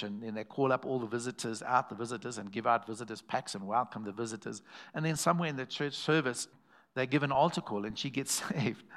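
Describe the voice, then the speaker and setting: A man preaching a sermon in a church, telling stories and calling out to the congregation. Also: fairly high pitch. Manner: animated, calls to the congregation, acts out quoted voices. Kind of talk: sermon with storytelling.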